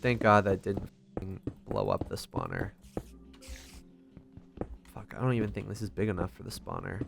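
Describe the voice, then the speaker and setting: A man's voice: low-pitched, huge pitch swings, moderate pace, vocal fry, pauses often, music in the background. A young man giving casual, rambling commentary while playing a video game, swearing a lot and making fun of himself. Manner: rambling, self-deprecating, swears often. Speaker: gaming vlogger.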